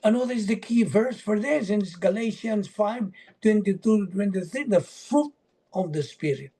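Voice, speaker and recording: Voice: medium pitch, moderate pace, warm tone, husky. A Bible study leader teaching over a video call, asking questions and answering them while listing verse references.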